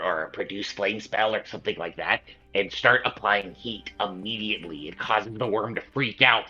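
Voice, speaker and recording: A man's voice: on the low side, pushed and bright. A man narrating a tabletop game as game master, rambling with many fillers and restarts. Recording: dull lo-fi sound with faint music.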